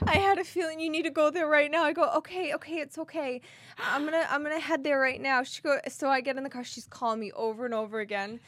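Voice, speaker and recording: A woman's voice: sits high, fairly even intonation, fast, a bit bright, dry recording, clean studio sound. A young woman with a Boston accent, co-hosting a podcast and telling a story in casual chat, acting out each scene dramatically. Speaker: podcast co-host.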